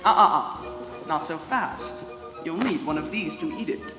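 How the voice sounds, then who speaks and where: An actor playing a vain, pompous prince with a cruel streak, haughty and given to giggles, in a live stage play. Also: male voice, a little high, animated, a little slow. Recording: echoey hall, music behind.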